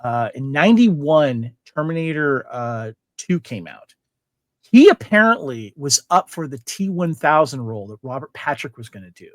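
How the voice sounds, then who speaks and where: A man's voice: fairly high pitch, very animated, normal speed, no room sound. A man co-hosting a casual fan podcast, rambling through trivia with many fillers and restarts. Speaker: podcast co-host.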